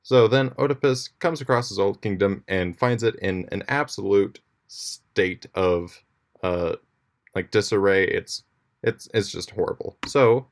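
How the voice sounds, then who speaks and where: A man giving a school presentation, retelling a play in a jokey, casual way with slang. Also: fairly low pitch. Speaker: student presenter.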